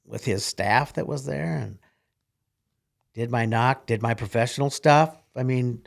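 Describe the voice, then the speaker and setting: A man's voice: mid-range voice, measured pace, creaky. An older man, a retired military officer, telling folksy rambling stories in an interview. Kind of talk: casual storytelling in an interview.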